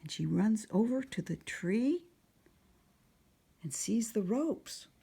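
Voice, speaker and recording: A woman narrating a picture book at storytime, speaking softly and often slipping into a whisper, asking the listener questions. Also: mid-range voice, lively intonation, takes it slowly, creaky, husky. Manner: soft, often sliding into a whisper.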